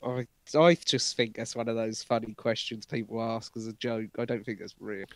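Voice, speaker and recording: A man co-hosts a casual comedy podcast. He banters in a laid-back, doubtful way. His voice is of ordinary pitch and recorded dry and close. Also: flat delivery, moderate pace, no echo. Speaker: podcast co-host.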